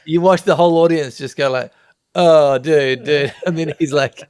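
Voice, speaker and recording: A middle-aged man with a New Zealand accent, a guest on a podcast, telling relaxed anecdotes and acting out the voices in them. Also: fairly high pitch, fairly quick, dry recording, clean studio sound. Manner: relaxed anecdotes, acts out voices and hums lines. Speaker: guest musician and comedian. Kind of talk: casual podcast chat, storytelling.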